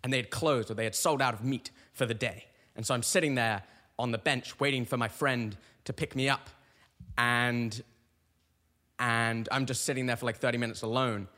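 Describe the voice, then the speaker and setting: A man's voice: medium pitch, moderate pace. A young man in his twenties hosting a podcast, telling a casual, rambling story with lots of restarts. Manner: animated, rambling with frequent restarts. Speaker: podcast host. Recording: long reverberant echo.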